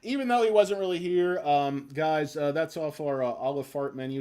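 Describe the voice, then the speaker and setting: A man's voice: fairly high pitch, normal speed, mellow, clear, resonant tone. A middle-aged man hosting a stock livestream, rambling and ranting with self-deprecating jokes. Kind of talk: casual rambling livestream chat.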